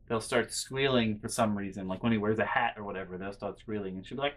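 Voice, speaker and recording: A young man vlogging, telling a casual, rambling story full of restarts and quiet muttered asides. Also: fairly low pitch, fairly even intonation, quick pace, few pauses. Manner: rambling, self-interrupting with fillers and restarts.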